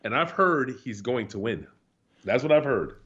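A man, profane, animated storyteller, slightly muffled. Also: mid-range voice, normal speed, husky. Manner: animated, profane, laughs through stories. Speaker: guest, retired pro athlete. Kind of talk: casual storytelling chat. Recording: slightly dull lo-fi sound.

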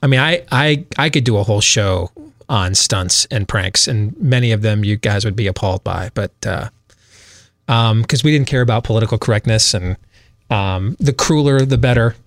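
A man from Michigan, a radio talk show host, telling a long story in a rambling, animated way with many fillers and laughs. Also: on the low side, normal speed, no echo, clean studio sound. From Michigan, USA.

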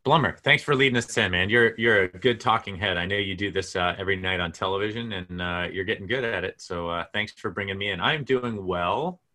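A man's voice: low voice, brisk, few pauses, bright, forceful tone. A middle-aged man co-hosting a podcast, easygoing and telling stories with many fillers. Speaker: co-host. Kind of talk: casual podcast chat.

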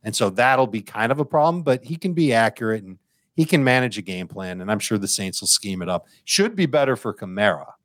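Low-voiced man talking fantasy football. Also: lively intonation, fairly quick, a bit bright, no room sound, clean studio sound. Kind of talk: casual sports chat.

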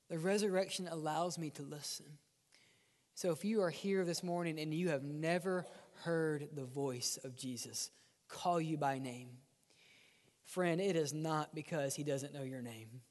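A male pastor preaching a sermon, swinging between loud, driven lines and hushed, near-whispered ones. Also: on the high side, in a large hall. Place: church sanctuary.

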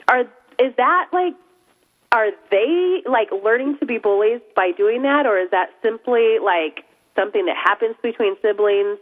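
A woman hosting a talk show, asking questions casually with many fillers and restarts. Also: fairly high pitch. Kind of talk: casual chat. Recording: narrow phone-line sound.

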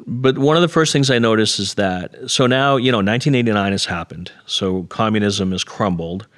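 A man's voice: lowish voice, moderate pace, no room sound, clean studio sound. A middle-aged man, an interview guest, telling a personal story earnestly and with self-deprecating humor, acting out the dialogue. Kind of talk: conversational storytelling.

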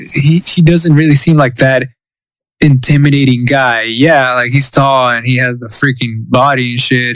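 A man's voice: medium pitch, a bit bright, no echo, rough recording. Rambling male sports podcast co-host. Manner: rambling, restarts, joking asides. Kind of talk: casual sports chat.

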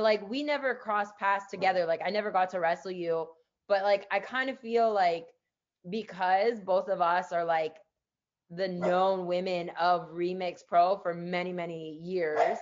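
A woman's voice: fairly low pitch, lo-fi sound. A woman hosting a podcast in casual interview chat, chatty and full of "like". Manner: chatty, peppers speech with "like". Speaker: podcast host, former wrestler.

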